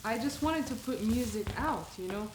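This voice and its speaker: Brief: woman from portugal, relaxed talk, echoey kitchen with faint sizzle. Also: a little high, moderate pace, background noise. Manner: relaxed, reflective, laughs often. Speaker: guest singer. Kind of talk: casual chat while cooking. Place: home kitchen.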